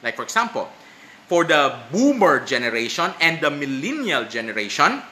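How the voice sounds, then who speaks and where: A man's voice: a little high, sing-song, normal speed, pushed and bright. A man preaching a sermon, emphatic and rhetorical, asking his listeners pointed questions. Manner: emphatic, rhetorical questions, slips into Filipino phrases. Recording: echoey room, faint noise.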